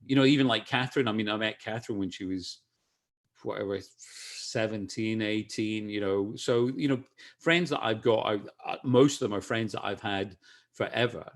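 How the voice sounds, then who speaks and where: A man's voice: lowish voice, moderate pace. A middle-aged man from Scotland with a Scottish accent, chatting as an interview guest, with many restarts and easy laughs. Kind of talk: casual video-call interview.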